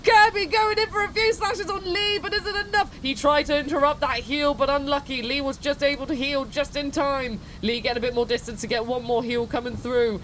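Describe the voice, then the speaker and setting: A woman co-hosting a stream, giving excitable sports-style play-by-play of a game fight. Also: high voice, brisk, few pauses, a little hiss or hum. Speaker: stream co-host and commentator. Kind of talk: live game commentary.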